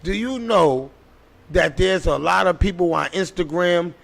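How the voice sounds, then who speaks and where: A man's voice: sits high, unhurried, vocal fry. A man hosting a casual podcast, talking loose and profane. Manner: loose, profane, says "hey, yo" a lot. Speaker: podcast host.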